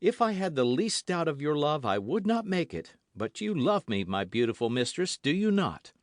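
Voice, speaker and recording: A man's voice: a little high, very animated, moderate pace, no echo, clean studio sound, voice pushed up. A man reading an audiobook, voicing a gallant, ardent young swordsman in an earnest, caressing manner.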